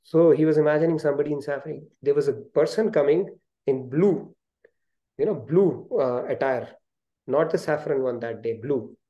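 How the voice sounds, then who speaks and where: A man with an Indian English accent hosting an online spiritual study session on a video call, telling a story lively and acting out the quoted speech. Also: on the high side, normal speed.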